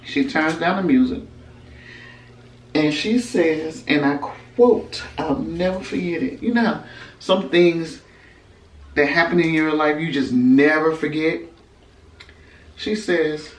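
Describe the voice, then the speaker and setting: A woman's voice: sits low, slow, pauses often. Woman telling a story in an echoey room. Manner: emphatic, conversational storytelling. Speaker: vlogger telling a personal story. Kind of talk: storytime vlog. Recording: roomy echo, mic at a distance, faint background hum.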